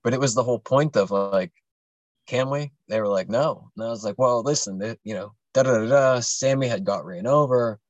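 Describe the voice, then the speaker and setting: A man's voice: mid-range voice, brisk, few pauses, dry recording, muffled recording. A young adult man casually telling a long personal story on a podcast, rambling and profane, with many fillers and restarts.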